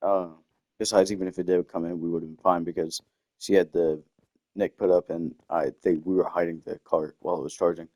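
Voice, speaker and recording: A young man with a low voice tells a story in a casual, rambling way while he plays a game. He keeps stopping mid-thought to comment on the game, then picks the story back up. His desk mic gives a close, dry sound. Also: level tone, a little fast, warm tone, no echo. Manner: rambling, self-interrupting with game asides. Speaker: gaming storyteller. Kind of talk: casual storytelling over gameplay. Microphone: desktop microphone.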